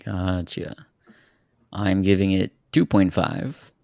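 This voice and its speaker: A man with a very low, gravelly voice hosts a film-review podcast. He talks in a measured, methodical way. The sound is close and dry, with no room around him. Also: darkish tone, dry recording. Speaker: podcast host. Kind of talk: casual film review chat.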